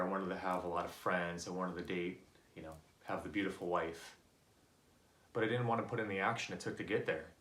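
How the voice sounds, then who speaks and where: Low-pitched male motivational speaker, earnest and candid, recorded in an echoey room. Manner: earnest storytelling, animated when voicing others. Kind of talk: personal motivational talk.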